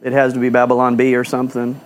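A man's voice: medium pitch, completely flat delivery, quick pace. A male pastor preaching a fiery sermon in a church, firing off rhetorical questions and repeating phrases for emphasis.

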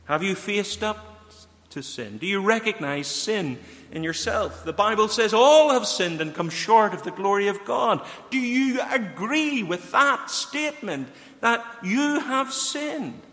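Preacher in an echoing hall. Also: male voice, sits high, expressive, a little slow, sharp tone. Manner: earnest, questioning the listeners directly. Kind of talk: sermon. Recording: long hall reverb.

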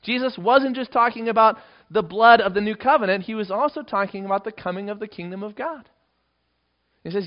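A man's voice: high voice, brisk. A male pastor preaching an expository Bible sermon in an emphatic way, with dramatic swells in his delivery. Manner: emphatic, rising into dramatic readings of quoted lines. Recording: dull lo-fi recording.

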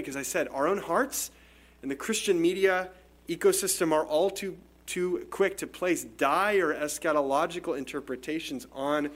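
Man preaching a conversational sermon. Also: a little high. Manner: conversational, explanatory, with frequent restarts. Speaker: pastor. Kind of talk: expository sermon.

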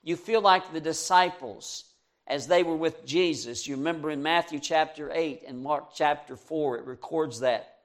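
A man delivering a sermon with a slightly high voice. He talks in an earnest, conversational way, leaning into quoted scripture with rising emphasis. He chuckles now and then at his own asides. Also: normal speed. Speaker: preacher.

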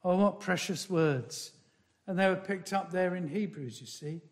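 A man preaching a sermon in a slow, emphatic way, repeating key phrases and swinging from loud declarations to hushed asides. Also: high-pitched.

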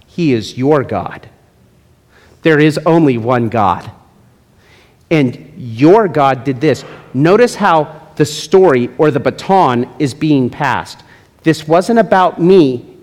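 A male pastor preaching a sermon in a church, with emphatic delivery and playful asides. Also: a little high. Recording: long hall reverb.

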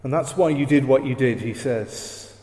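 A man preaching a sermon, slow and emphatic, leaning on repeated phrases. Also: medium pitch, dark tone. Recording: roomy hall echo.

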